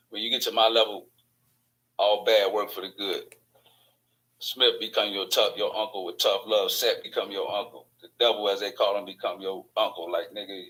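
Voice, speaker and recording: Man, Chicago accent, rambling casual monologue, cussing, tense bright tone. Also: fairly low pitch, rough recording. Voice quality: profane, digressive, fast-moving storytelling. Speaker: host of an online channel.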